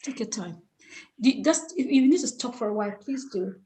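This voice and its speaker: A woman host gently reassuring her guest to take her time. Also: a little high, expressive, normal speed, slight background noise.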